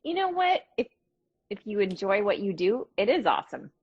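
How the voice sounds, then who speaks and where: Woman in her 30s, livestream guest, relaxed and chatty, muffled call audio. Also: mid-range voice, moderate pace, slightly rough. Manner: chatty, laughing, swears casually. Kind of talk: casual chat. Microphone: phone on a live video call.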